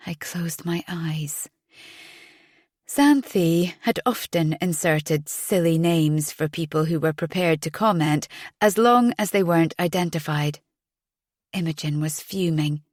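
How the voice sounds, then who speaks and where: Slow, measured woman narrating a thriller. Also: fairly low pitch, darkish tone, dry recording, clean studio sound. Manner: measured storytelling, voicing each character in dialogue. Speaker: audiobook narrator.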